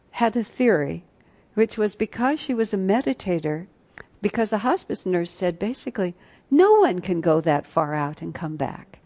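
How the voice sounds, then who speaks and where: Woman, retreat teacher; low, warm voice; earnest, reflective storyteller. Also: expressive, normal speed. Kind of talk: spiritual teaching talk with personal stories.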